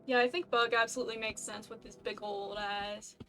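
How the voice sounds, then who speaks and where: A woman's voice: medium pitch, fairly even intonation, a little fast, sharp tone, faint music behind. A woman streaming a video game, chatting casually and with self-amused asides. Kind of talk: casual let's-play commentary.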